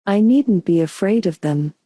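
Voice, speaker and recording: A woman voicing a polite, curious young girl in a slow bedtime audiobook reading. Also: medium pitch, animated, dark tone, dry recording, natural voice. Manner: polite but plain-spoken.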